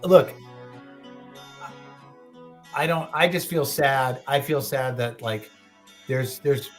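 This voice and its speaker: A man's voice: medium pitch, slow pace. Man, late 30s, podcast co-host, rambling, swears a lot, faint music behind. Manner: rambling, profane, restarts a lot. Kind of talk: casual podcast chat.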